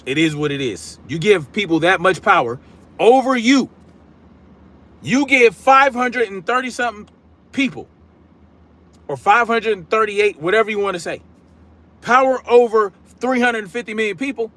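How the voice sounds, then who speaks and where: A man's voice: high-pitched, lively intonation, moderate pace, pauses often, a bit bright. A man hosting a political live stream, talking bluntly and combatively, projecting his voice, reading chat comments, and using casual slang. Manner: casual slang, repeats catchphrases.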